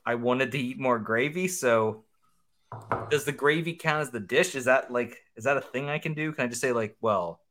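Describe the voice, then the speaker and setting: Man, mid pitch, thinking-aloud reviewer, light chuckles, casual. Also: normal speed, a bit bright. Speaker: food reviewer.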